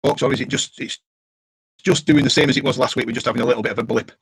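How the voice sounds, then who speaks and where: A man's voice: mid-range voice, fairly even intonation, very fast, gravelly, fairly bright tone, breathy edge. A British man hosting a casual live detecting talk stream, chatting and reading viewer comments aloud. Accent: British English. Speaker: livestream host.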